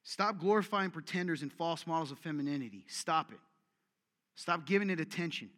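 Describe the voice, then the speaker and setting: A forceful male preacher delivers a sermon in a bright, somewhat high voice. His direct commands repeat for emphasis. The sound carries a long hall reverb. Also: lively intonation, a little fast. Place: church meeting room with audience.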